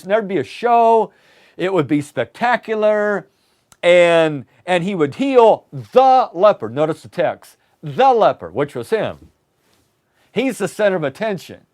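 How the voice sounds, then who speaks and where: A man's voice: high voice, a little mellow. A man preaching a sermon lesson, retelling the scripture story with emphatic storytelling and frequent restarts.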